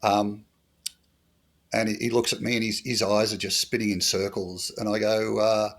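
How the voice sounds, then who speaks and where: Deep-voiced Australian man telling dry stories. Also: little pitch movement, normal speed, fairly bright tone. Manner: dry humorous anecdotes with fillers. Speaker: guest, former bush police officer. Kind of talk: storytelling interview.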